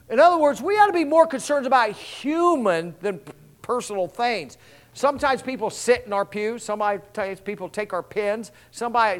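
A man with a notably high voice preaches a sermon in a loose, folksy way. He rambles through stories and tosses out quick asides, asking the congregation to answer back. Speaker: pastor.

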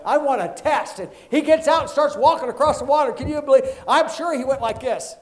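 A pastor preaching an animated sermon, acting out Bible stories and calling for amens from the congregation. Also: male voice, very high-pitched, fairly quick.

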